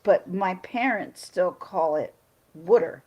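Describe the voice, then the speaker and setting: A woman's voice: fairly low pitch, slow, a little mellow. A woman with a Philadelphia accent, chatting casually and telling stories on a live hangout stream. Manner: chatty, laughing, trails off into stories. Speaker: co-host. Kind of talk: casual chat.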